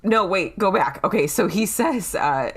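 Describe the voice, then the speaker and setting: A woman's voice: mid-range voice, lively intonation, unhurried, breathy edge. A woman co-hosting a book-club podcast, chatting casually and reading quotes with frequent ums and bouts of laughter. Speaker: podcast co-host.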